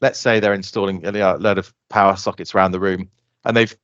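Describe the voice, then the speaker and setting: A man, a guest on a podcast, explaining his software eagerly and acting out customers' lines. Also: deep voice, dry recording, highs cut off. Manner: fast, animated explaining, acts out customer quotes. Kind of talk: casual podcast interview.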